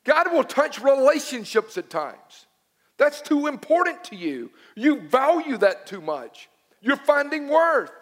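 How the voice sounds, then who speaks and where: A middle-aged man preaching a sermon, telling a personal story dramatically, dropping to a hush and rising to shouts. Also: extremely high pitch, big pitch swings, measured pace. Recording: long reverb of a large hall.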